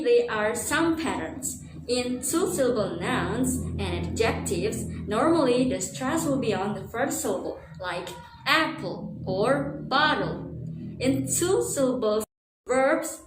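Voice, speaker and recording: Slow, careful young woman. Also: fairly high pitch. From Indonesia. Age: young adult. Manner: slow, careful, stretches example words. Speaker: student presenter. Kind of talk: pronunciation lesson. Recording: echoey room, faint background noise.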